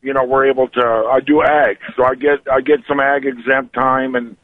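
A man's voice: mid-range voice, flat delivery, moderate pace, no room sound. A man calling a radio show as a truck owner-operator, angry and frustrated as he rants. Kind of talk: radio call-in. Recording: phone-line audio, dry.

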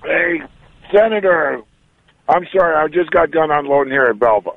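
A man's voice: on the high side, animated, moderate pace, creaky, dry recording. A man calling a radio show as a truck owner-operator, angry and frustrated as he rants. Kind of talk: radio call-in. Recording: phone-line audio, dry.

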